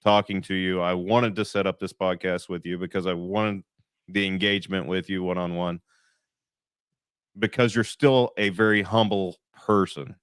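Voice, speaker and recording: A man hosting a podcast, speaking in an earnest, measured way. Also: low-pitched, clean tone, no echo, clean studio sound. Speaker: podcast host. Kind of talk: casual podcast interview.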